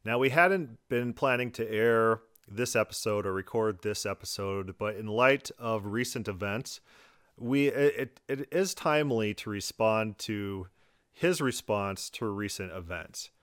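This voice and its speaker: A man hosts his podcast in a quick, sarcastic run of commentary, mocking the clips he plays. His voice is smooth and clear, a little low for a man. The sound is dry and close. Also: fairly bright tone, no room sound. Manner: sarcastic, fast-talking, mocking. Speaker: podcast host. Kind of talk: argumentative commentary.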